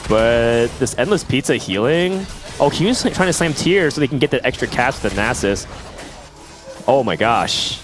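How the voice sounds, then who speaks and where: Animated male esports caster. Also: medium pitch, music in the background. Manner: chatty, animated, quick asides. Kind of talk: casual live esports commentary.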